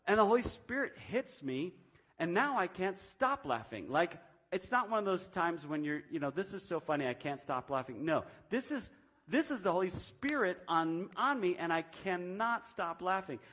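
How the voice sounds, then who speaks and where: Fifties man telling a sermon story, higher voice. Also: very animated, moderate pace, fairly bright tone. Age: 50s. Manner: conversational storytelling with frequent restarts; self-described reserved personality. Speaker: preacher. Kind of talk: sermon testimony.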